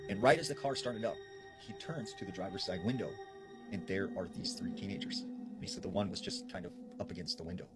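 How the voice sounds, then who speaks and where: A man with a fairly low voice retells a spooky roadside encounter, slipping into the voices of the people he quotes. Music plays clearly under his narration. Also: a little fast. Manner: acts out quoted dialogue while retelling. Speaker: storyteller. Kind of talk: recounting a paranormal encounter. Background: background music.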